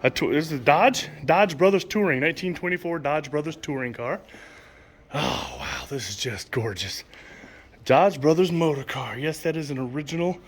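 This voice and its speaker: Touring an indoor car museum hall, a vlogger casually narrates his walk, eagerly reading signs aloud and sometimes stumbling over names. He has a slightly high voice and keeps a moderate pace.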